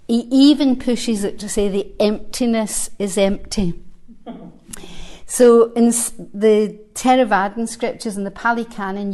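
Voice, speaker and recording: A woman's voice: medium pitch, warm tone. A woman in her sixties, a Buddhist teacher, giving a dharma talk to a live group at a centre. She talks conversationally with light humor, thinking aloud between verses she reads out.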